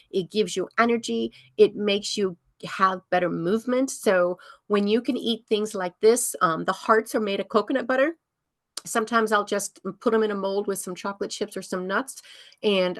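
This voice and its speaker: A woman's voice: lowish voice, dry recording, clean studio sound. A woman over fifty, a health coach giving a casual workshop talk, chatty and rambling with many ums and restarts.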